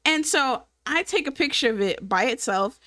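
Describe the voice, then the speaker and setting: Woman vlogger with a brightish high voice and a dry, close sound, animated and swearing, laughing through her story. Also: normal speed, dry recording. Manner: animated, profane, laughs often, keeps checking in with the viewer. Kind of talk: casual storytelling to camera.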